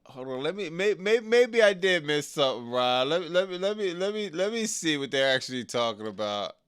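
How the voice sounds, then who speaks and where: A man with a high, bright voice rants to his stream chat in loose slang. He sounds exasperated and mocking. His sound is smooth and clear. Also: big pitch swings, fairly quick. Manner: exasperated, slangy, mocks lines in exaggerated voices. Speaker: wrestling commentary streamer. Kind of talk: casual reaction stream.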